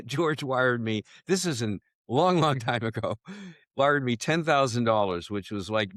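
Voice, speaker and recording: Telling a personal anecdote in an interview, this guest author in his seventies gets animated and performs the voices of those he quotes. He speaks in a mid-range voice with no room sound.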